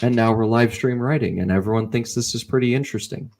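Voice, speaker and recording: A man appearing as a guest author in a casual video-call interview, talkative and animated, with loud laughs. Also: mid-range voice, quick pace.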